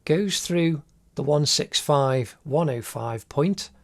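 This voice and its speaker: A man with a fairly high voice narrates a drawing lesson as he works. He explains each step patiently and keeps encouraging the learner. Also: expressive, slow pace. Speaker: art teacher.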